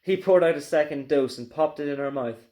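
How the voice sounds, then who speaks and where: A man's voice: fairly high pitch, brisk. A male teacher reading a children's book aloud, telling it expressively. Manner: expressive storyteller.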